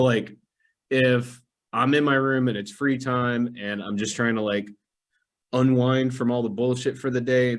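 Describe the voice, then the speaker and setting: A man's voice: medium pitch, fairly bright tone. A young man hosting a casual podcast, telling stories animatedly, acting out quotes and laughing often. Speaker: podcast host. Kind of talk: casual chat.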